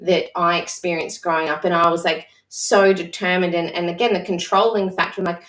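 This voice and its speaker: A mother leading a discussion session who talks in a candid, reflective, halting way with frequent restarts. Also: lowish voice, fairly even intonation, a bit bright. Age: adult mother. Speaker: session facilitator. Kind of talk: personal sharing in a live-streamed discussion. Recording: roomy echo, voice far from the mic.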